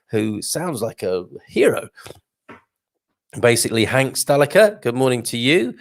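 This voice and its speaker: A man's voice: mid-range voice, very animated, measured pace, pauses often. A man hosting a casual live stream, chatting and reading out viewer comments with lots of fillers and asides. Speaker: live show host.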